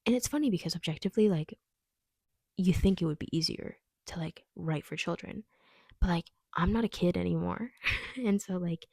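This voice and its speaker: A young woman vlogs about her writing in a casual, self-deprecating way, with plenty of fillers along the way. Her voice is lowish with a noticeable gravelly fry. The sound is close and dry. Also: darkish tone, no room sound. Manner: chatty and self-deprecating, with frequent fillers and light laughs. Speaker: YouTube writer sharing her work. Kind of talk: casual vlog chat.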